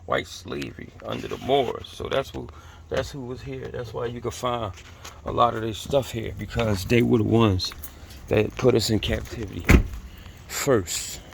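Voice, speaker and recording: A man's voice: medium pitch, normal speed, vocal fry, background noise. A man vlogging from his car, preaching bluntly and cursing as he talks to his viewers. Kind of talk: casual religious rant to viewers.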